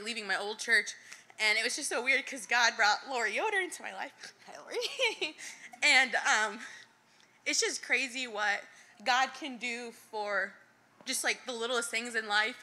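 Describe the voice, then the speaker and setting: A woman's voice: fairly high pitch, pushed and bright. A young woman nervously sharing a personal testimony before a church congregation, giggling and using lots of fillers. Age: young adult.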